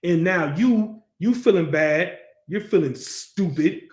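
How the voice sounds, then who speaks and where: A man with a high-pitched voice leads a scripture class, speaking bluntly and swearing freely. He keeps asking his listeners whether they understand. The room around him is echoey. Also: takes it slowly, darkish tone. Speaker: class teacher.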